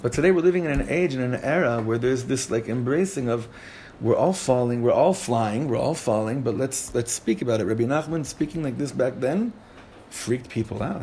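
Man, Torah class teacher, animated, asks questions, mid pitch, faint background noise. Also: a little fast. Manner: animated, asks the group questions, many restarts.

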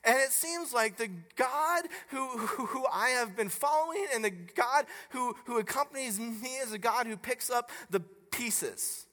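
A preacher giving a sermon, telling a personal story in an animated way that grows loud and emphatic. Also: medium pitch, unhurried, hardly any pauses, long reverb tail.

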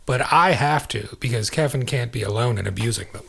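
Gravelly man trading quips on a podcast. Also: medium pitch, fairly bright tone. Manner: quick to laugh, teasing asides. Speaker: podcast co-host. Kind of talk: casual chat.

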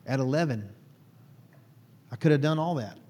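A man's voice: mid-range voice, animated, normal speed, a little mellow, big-room sound. A man from Texas, a guest telling his personal faith story in an earnest, heartfelt way.

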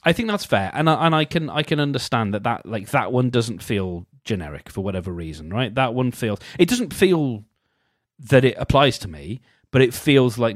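A man's voice: lowish voice, dry recording, studio quality. Wry, self-mocking man on a podcast. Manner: wry, self-deprecating, halting with restarts. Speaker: podcast host. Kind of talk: casual solo podcast, reading aloud and commenting.

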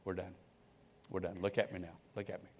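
A man preaching a sermon, swinging between loud calls and hushed, quiet prayer, often repeating his words. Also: low-pitched, flat delivery, fairly quick. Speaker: pastor.

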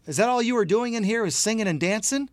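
A man voicing a big, slow-talking male police officer in a told story, questioning in a stern drawl. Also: high-pitched, lively intonation, no echo. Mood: puzzled.

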